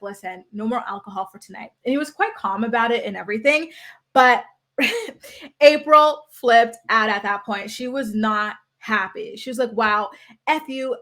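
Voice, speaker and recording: Young woman, casual recap vlogger, gossipy chatter, fairly high voice. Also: sharp tone. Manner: chatty, gossipy, with frequent "like" and asides.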